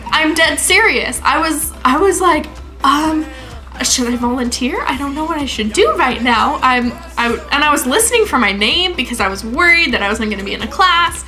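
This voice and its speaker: A teenage exchange student vlogger from the United States chats casually to the camera in a high, bright, clear voice, giggling often and correcting herself as she goes. Soft music plays faintly behind her, and the audio quality is poor.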